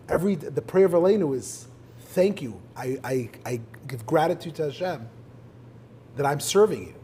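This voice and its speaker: A rabbi interviews a guest before an audience in a synagogue, telling stories energetically and quoting prayers in Hebrew. His voice is a little high, mellow, animated, and slightly fast, with a bit of hiss or hum in this live conversation.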